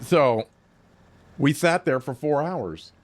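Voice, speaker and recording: An older man with a notably high voice tells a rambling war story while streaming a game. He swears constantly and acts out each line of dialogue he remembers, giving the tale a loose, lively pull. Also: slow. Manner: profane, animated storyteller acting out quoted exchanges. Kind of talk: casual storytelling while gaming.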